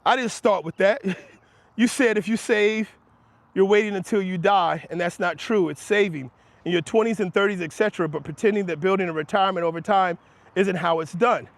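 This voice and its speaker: A man's voice: fairly quick, dry recording. A man hosting a livestream, talking heatedly and emphatically to his chat, calling chatters by name and laughing off their replies while he argues about money. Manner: emphatic, argumentative, rising in pitch when making points. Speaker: livestream host answering chat. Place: outdoors near passersby.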